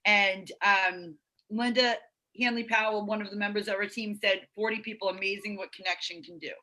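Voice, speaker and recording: A woman's voice: medium pitch, fairly even intonation, moderate pace, pushed and bright, poor audio. A woman hosting an online meeting on a video call, chatty, reading out comments with plenty of fillers. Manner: chatty, reads out viewer comments, many fillers. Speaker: host of an online recovery meeting.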